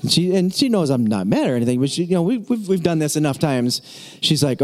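A middle-aged man preaching with a lively story, acting out voices and shouting encouragement. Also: fairly high pitch, fast. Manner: animated, acts out the people in his story, shouts encouragement. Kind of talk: storytelling sermon.

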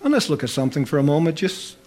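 Man, pastor, sermon, somewhat high voice, emphatic. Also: very animated, fast talker, a little mellow.

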